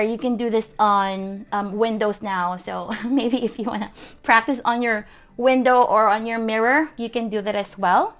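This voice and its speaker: A young woman teaching an online calligraphy workshop from her desk, chatty and encouraging, laughing often and filling pauses with ums. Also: on the high side. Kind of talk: casual online workshop demonstration.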